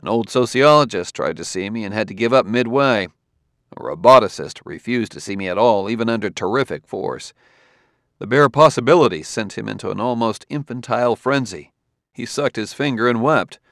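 Low gravelly guy narrating an audiobook, steady, dry close mic. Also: fairly quick, no echo. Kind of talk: scripted narration.

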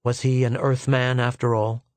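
Measured male audiobook narrator. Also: mid-range voice, no echo. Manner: measured, steady storytelling. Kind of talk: scripted narration.

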